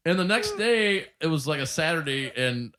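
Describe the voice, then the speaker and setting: A man's voice: a little high, moderate pace, noisy background. A man with a Northwest Ohio accent hosting a podcast, telling stories in casual chat, laughing often and acting out the people in them. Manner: animated storyteller, acts out voices, laughs often. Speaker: podcast host.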